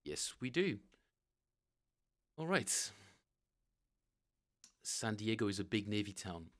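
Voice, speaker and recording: A middle-aged man with a fairly low voice talks loosely to his live-stream viewers about his basses and practice. He rambles, corrects himself mid-sentence and chuckles often, in the relaxed tone of a home practice room. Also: takes it slowly, background noise. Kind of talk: casual live-stream chat answering viewers.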